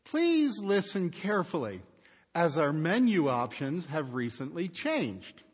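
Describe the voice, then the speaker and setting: A polite robotic phone-menu voice, as a man mimics it in a sermon, spelling out each option in a slow, even recorded-message manner. It sounds somewhat high and unhurried, and it rings in a large reverberant hall. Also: slightly rough, exaggerated voice. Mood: recorded politeness. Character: automated pharmacy phone menu voice, flat and polite.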